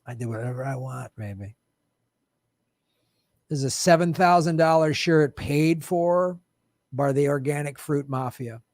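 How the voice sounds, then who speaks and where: A comedian host answering live chat in a casual, sarcastic, joking way, swearing and laughing often into a studio microphone. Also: male voice, on the high side, unhurried, pauses often, a little mellow, dry recording.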